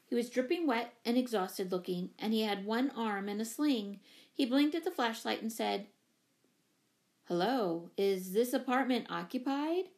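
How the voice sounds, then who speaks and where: A woman narrating a children's story in an even, expressive reading. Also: a little high, normal speed. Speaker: audiobook reader. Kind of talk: scripted narration.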